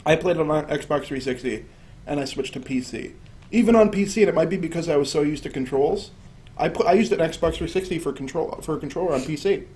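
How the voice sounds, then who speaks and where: A man co-hosting a casual gaming podcast, talking in an animated, joking way with emphatic bursts. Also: a little high, fast talker. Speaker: podcast co-host.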